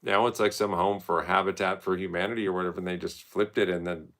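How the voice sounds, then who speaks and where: A man's voice: deep voice, level tone, fast, fairly bright tone. A man telling rambling, profane, stream-of-consciousness stories in a casual monologue.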